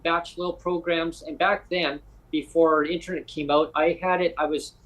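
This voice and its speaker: High-voiced man hosting a podcast. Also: normal speed, low-quality recording. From Canada. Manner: animated, rambling with frequent restarts. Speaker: podcast host. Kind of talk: casual podcast conversation.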